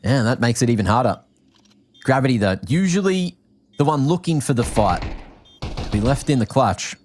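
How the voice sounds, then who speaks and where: A man from Australia with an Australian accent, calling a match as an energetic play-by-play esports caster. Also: medium pitch, slight background noise. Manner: energetic, quick reactions, laughs easily. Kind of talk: play-by-play commentary.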